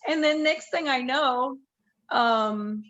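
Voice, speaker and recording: A woman with a fairly high voice talks over a video call as an interview guest. She tells casual stories with lively energy and laughs often. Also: slow pace, lo-fi sound. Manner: animated storyteller who laughs often. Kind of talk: casual storytelling on a remote interview.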